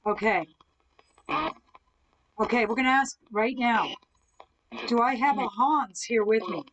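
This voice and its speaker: Running a paranormal live stream, a woman uses a spirit box and plenty of other devices to ask spirits questions, and she replies to viewers' comments too. Her voice is a little high, unhurried and fairly bright, on a low-quality recording.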